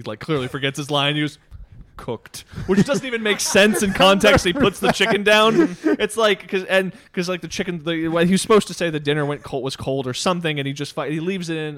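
A man talking casually about a favorite movie as a podcast host, animated, laughing often and quoting lines in put-on voices. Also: on the high side, dry recording.

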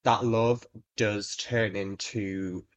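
A man co-hosting a podcast in casual chat, chatty and emphatic, quick to agree with his co-host. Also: on the low side, fairly even intonation.

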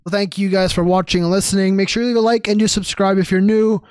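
A man's voice: sits high, quick pace, clean tone, dry recording, clean studio sound. Easygoing Canadian man hosting a podcast. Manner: easygoing, repeats words when excited. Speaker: podcast co-host. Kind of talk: casual chat.

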